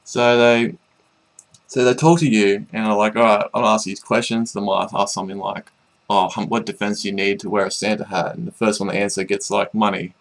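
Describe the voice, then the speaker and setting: A man's voice: on the low side, low-quality recording. A young man casually telling a rambling, amused story about an online game, full of fillers and restarts.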